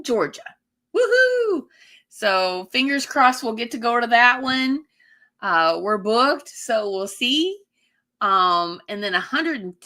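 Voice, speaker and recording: A woman's voice: a little high, pushed and bright. A woman hosting a casual livestream, chatting bubbly with viewers and reading their comments. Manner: bubbly, chatty, laughs often. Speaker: livestream host.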